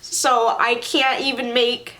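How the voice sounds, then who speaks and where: A woman's voice: on the high side, flat delivery, slow, pushed and bright. A young woman vlogging to her viewers while crying, upset and frustrated, often repeating herself. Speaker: YouTuber. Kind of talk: emotional vlog to camera.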